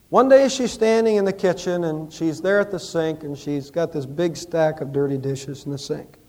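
A man preaching a Christmas sermon in a church, with impassioned rises and hushed storytelling. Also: a little high. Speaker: pastor.

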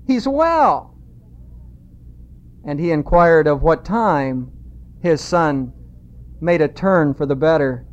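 A man preaching a sermon, emphatic and repeating key phrases, slowing down when he quotes scripture. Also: fairly high pitch, animated. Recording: dull lo-fi sound.

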